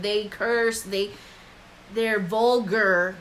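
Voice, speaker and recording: A woman teaches the Bible in a casual commentary, talking conversationally, leaning on "like," and acting out the voices she quotes. Her voice is a little high, slow, and sharp. The low-quality recording has slight background noise.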